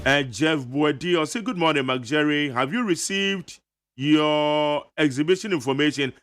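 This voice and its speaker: A man with a Ghanaian accent hosting a morning radio show, chatty and animated as he reviews the news and reads listener messages. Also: on the high side, faint music behind. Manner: chatty, animated, frequent laughs and quick asides. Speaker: radio host. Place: radio studio. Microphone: studio microphone.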